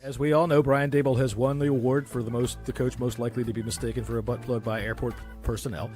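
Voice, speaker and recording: A man's voice: mid-range voice, flat delivery, fast talker, over music. A man hosting a casual podcast, reading out crude jokes and laughing at his own lines. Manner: crude, laughing joke-telling. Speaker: podcast host.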